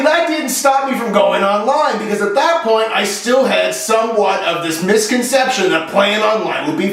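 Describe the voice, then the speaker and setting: A man hosting his own show, telling a comic story in an animated, sarcastic way. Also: high-pitched. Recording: echoey room, voice heard from a distance.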